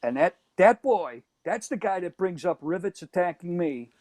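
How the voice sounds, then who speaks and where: A middle-aged man from Chicago's South Side, telling old neighborhood stories in a casual, animated chat. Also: high-pitched, moderate pace, no echo. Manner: animated, acts out quoted voices. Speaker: guest storyteller.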